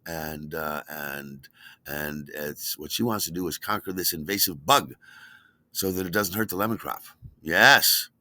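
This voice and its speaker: This man's voice sits low and he takes his time as he spins a lively, casual yarn he obviously enjoys, acting out quotes with dramatic jumps in pitch. There's no echo.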